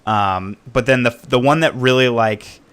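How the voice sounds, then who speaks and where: A man's voice: mid-range voice, moderate pace, a bit bright, clean tone. A man as a podcast guest, telling his story in a rambling way with many fillers. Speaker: podcast guest, knife collector. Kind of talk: casual podcast interview.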